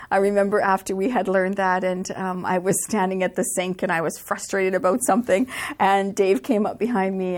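A middle-aged woman gives a reflective personal testimony as a guest. She speaks sincerely, pausing with little fillers as she gathers her thoughts. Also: medium pitch.

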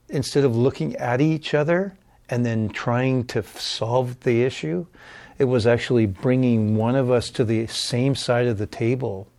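A middle-aged man speaking as a guest about his marriage, in a candid, halting way that often restarts his sentences. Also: mid-range voice, a little mellow. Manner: candid, halting, self-correcting. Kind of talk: personal testimony.

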